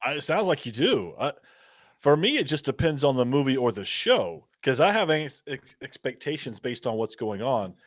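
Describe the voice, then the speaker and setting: A man's voice: mid-range voice, big pitch swings, normal speed, no room sound, clean studio sound. A man co-hosting a podcast in casual chat, easygoing and lightly teasing. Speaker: podcast co-host.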